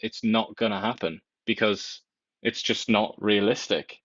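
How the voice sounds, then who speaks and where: Man, low voice, blunt talk-show co-host, dry muffled lo-fi sound. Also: steady tone, a little slow, fairly bright tone, no echo. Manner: blunt, dismissive opinions. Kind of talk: casual political chat.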